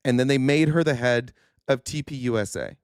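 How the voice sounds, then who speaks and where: A man's voice: mid-range voice, fairly quick, smooth, dry recording, clean studio sound. A man hosting a political commentary livestream, earnest and indignant, stumbling over restarts and losing his voice. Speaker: host.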